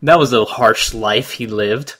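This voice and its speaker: A man co-hosting a casual watch-along commentary, animated and jokey, swearing casually. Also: medium pitch, unhurried, breathy edge. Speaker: commentary co-host.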